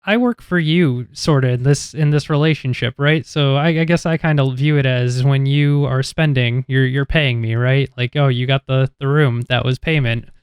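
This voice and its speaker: A man's voice: medium pitch, steady tone, normal speed, hardly any pauses, clean tone, no echo, close to an everyday voice. A man voicing Morthos, an easygoing rogue companion, in a tabletop game, talking in a casual, rambling way.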